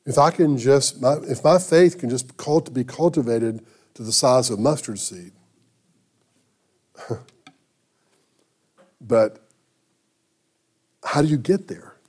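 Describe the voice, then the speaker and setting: A man preaching a sermon, telling a story in a conversational, halting way with frequent restarts. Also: medium pitch, darkish tone. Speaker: pastor.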